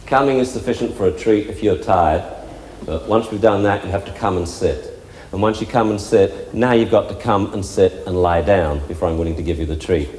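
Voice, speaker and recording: A low-pitched, slightly mellow male voice speaks briskly as a dog trainer explains things step by step, chatting through a live demo with several dogs. The echoey hall has faint ambience, and there's slight background noise.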